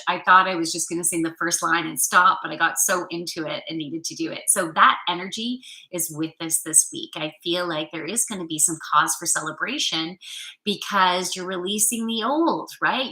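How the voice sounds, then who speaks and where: A woman's voice: lowish voice, sharp tone, reverberant, low-quality recording. A woman giving a chatty, upbeat weekly card reading, talking loosely and playfully. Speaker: spiritual card reader.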